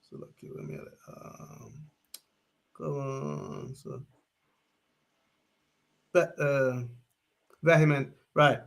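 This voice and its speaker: A man reading old-fashioned scripture aloud, halting and stumbling with fillers. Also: medium pitch, huge pitch swings, creaky. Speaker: scripture reader.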